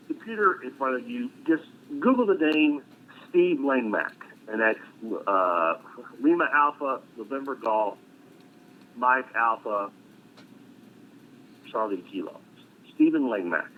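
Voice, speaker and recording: Blunt, profane man on a tinny line. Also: mid-range voice. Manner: blunt and profane, dark humor. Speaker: military veteran guest. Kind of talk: casual storytelling on a live stream. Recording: tinny phone-like line with faint noise.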